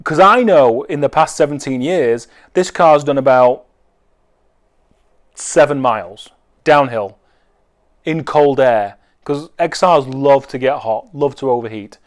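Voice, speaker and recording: A man's voice: medium pitch, a little slow. A man who builds cars, telling a rambling anecdote with wry swearing. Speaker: car enthusiast. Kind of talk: casual anecdote.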